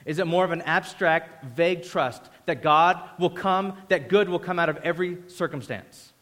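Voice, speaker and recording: High-voiced pastor preaching in a hall. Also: male voice, normal speed, a bit bright. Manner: conversational, acts out voices in quotes. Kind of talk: sermon. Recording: echoey hall reverb.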